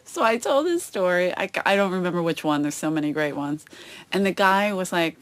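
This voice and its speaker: A woman's voice: fairly low pitch, fairly quick. Woman comic guest on a podcast, chatty storyteller, does little voices for people. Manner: animated storytelling, acts out quoted voices. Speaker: comedian guest. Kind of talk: casual chat. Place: outdoors on a boat.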